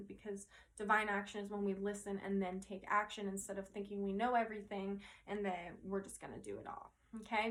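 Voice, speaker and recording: A woman giving a casual, earnest spiritual talk to her viewers, rambling a little, tagging "right?" onto her thoughts and swearing now and then. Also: medium pitch. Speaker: spiritual teacher and intuitive reader.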